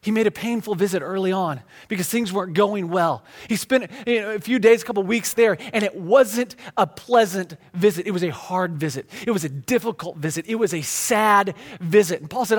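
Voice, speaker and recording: A man's voice: high-pitched, a little fast, hardly any pauses. A man preaching a sermon in a conversational, emphatic way, often restarting and repeating words. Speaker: pastor.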